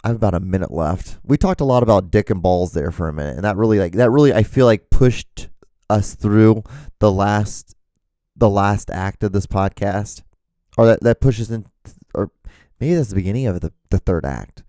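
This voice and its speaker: A man's voice: on the low side, moderate pace, dark tone, dry recording, studio quality. A man hosting his own solo podcast, rambling jokily and swearing freely in a casual monologue. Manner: rambling, profane, jokey. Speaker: podcast host.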